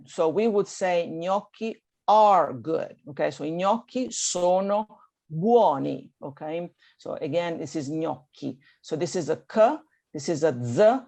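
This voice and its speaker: A woman's voice: lowish voice, a little mellow. A woman from Italy with an Italian accent, teaching a beginner Italian class over a video call and checking in with "okay?" after nearly every point. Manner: encouraging, checks in with frequent "okay?". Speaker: language teacher.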